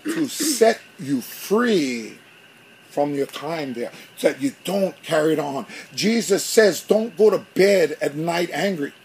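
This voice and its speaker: A pastor preaching a sermon, telling a story with animation and acting out both sides of an argument. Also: male voice, a little high, very animated, takes it slowly, gravelly, darkish tone, a little hiss or hum.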